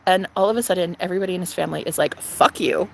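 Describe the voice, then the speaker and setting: Casual woman vlogger, gravelly voice, blunt and profane, moves between whispers and loud emphasis. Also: mid-range voice. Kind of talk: casual confessional vlog.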